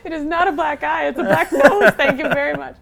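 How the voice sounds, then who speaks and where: A woman's voice: high voice, a little fast, creaky, a bit bright. A woman co-hosting a casual podcast chat, teasing her friends and laughing often. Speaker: podcast co-host.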